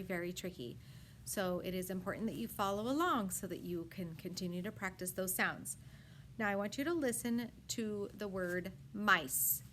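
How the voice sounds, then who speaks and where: A woman teaching a first grade phonics lesson, sounding out words slowly piece by piece and praising often. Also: mid-range voice, a bit bright, a little hiss or hum. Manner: slow, sound-by-sound enunciation with frequent praise. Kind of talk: phonics lesson for young children.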